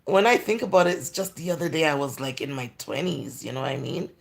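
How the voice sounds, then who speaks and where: Jamaican lady around forty, super gravelly fry all through her voice, chatting with viewers on a live stream, mixes in patois. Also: sits low, quick pace. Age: 40s. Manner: chatty and candid, slipping into patois. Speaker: livestream host. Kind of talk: casual live chat answering viewer comments.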